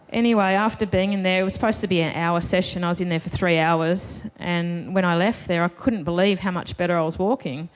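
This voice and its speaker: A woman's voice: on the low side, fairly even intonation, brisk. A woman telling a personal story to a live festival audience, chatty and self-deprecating, laughing between lines. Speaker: festival panel speaker.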